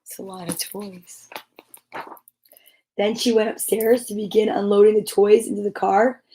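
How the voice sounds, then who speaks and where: Slow, animated storytime woman. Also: mid-range voice, slight background noise. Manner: animated, encouraging. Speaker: children's storytime host. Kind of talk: reading a picture book aloud to children.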